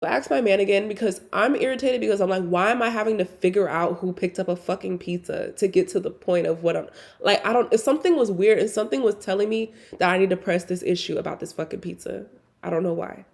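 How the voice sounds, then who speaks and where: Young woman, podcast host, casual storytelling, gravelly creaky voice, blunt and chatty. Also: mid-range voice, quick pace, darkish tone. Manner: candid, profane, conversational with many "like" fillers.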